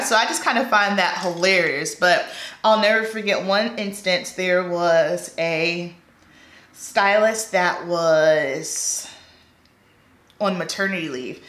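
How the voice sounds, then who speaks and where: A woman hairstylist telling stories in a casual, chatty way while doing her makeup, acting out the dialogue. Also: medium pitch. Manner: chatty, animated, acts out dialogue. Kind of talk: casual get-ready-with-me storytelling. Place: indoors at home, doing makeup. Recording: echoey room.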